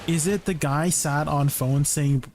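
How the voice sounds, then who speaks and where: A man's voice: a little high, steady tone, a little slow, a little mellow. Chatty young male streamer, light noise. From not British. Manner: chatty and easily amused, rambling with restarts. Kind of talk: casual live-stream chat while gaming.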